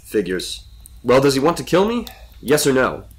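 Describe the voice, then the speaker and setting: A man's voice: mid-range voice, wildly swooping pitch, moderate pace, slight background noise, voice pushed up. A man playing a young explorer lost in a cave, sarcastic and questioning.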